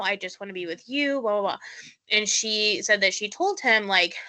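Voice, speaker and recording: A woman's voice: mid-range voice, bright, forceful tone. A woman co-hosting a podcast, recapping a show in casual chat with many fillers and acted-out quotes. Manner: chatty, lots of "like" fillers, acts out quotes. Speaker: podcast co-host.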